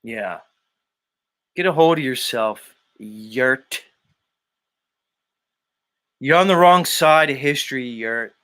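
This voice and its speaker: A man's voice: medium pitch, slow, long pauses, fairly bright tone. A man hosting a casual live stream, reading chat messages aloud and bluntly teasing viewers. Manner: blunt, teasing, swears freely. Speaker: live stream show host.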